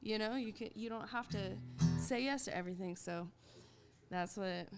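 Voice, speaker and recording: A woman talks casually between songs, rambling and self-deprecating with soft laughs. Her voice carries a gravelly fry at a middling pitch. A guitar plucks faintly behind her as she tunes. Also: normal speed. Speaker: singer-songwriter guest. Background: guitar tuning faintly.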